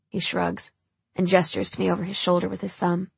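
A woman narrating a first-person audiobook in a measured, somber manner. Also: fairly low pitch, completely flat delivery, gravelly, breathy edge, no room sound.

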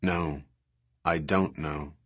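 A man reading aloud and voicing a frank, matter-of-fact adult woman scientist who talks in a dry, direct, low-key way. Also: sing-song, a little slow, fairly bright tone, slightly rough, exaggerated voice. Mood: pointed.

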